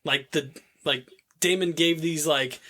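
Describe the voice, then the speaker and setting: Bright-voiced man recapping with laughs. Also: fairly high pitch, fairly even intonation. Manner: laughing, acts out characters' lines in quick offhand voices. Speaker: podcast co-host. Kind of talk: casual chat recapping a TV show.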